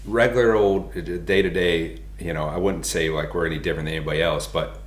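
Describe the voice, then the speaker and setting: Very deep-voiced man telling stories. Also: fast. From United States. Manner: animated, laughs as he tells stories. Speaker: podcast guest. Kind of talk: casual storytelling. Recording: roomy echo.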